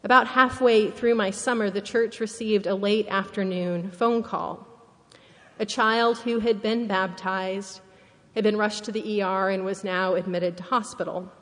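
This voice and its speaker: A woman minister preaching a sermon, telling a story slowly and earnestly, dropping to a hushed, solemn tone. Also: mid-range voice, fairly even intonation, in a large hall. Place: church sanctuary.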